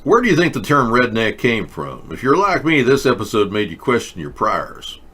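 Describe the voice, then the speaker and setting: In a sing-song, medium-pitched voice that is sharp and slightly rough, a man hosts a casual talk show at normal speed. His comedic commentary is sarcastic and mocking, moving between rants and mumbled read-alouds.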